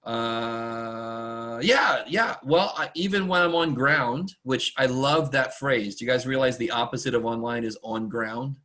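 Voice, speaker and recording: A man teaching a math class online in a casual, chatty, rambling way, often talking fast and poking fun at himself. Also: mid-range voice, bright, forceful tone. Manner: chatty, rambling and self-deprecating; talks fast much of the time. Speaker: math instructor. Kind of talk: casual online lecture to students.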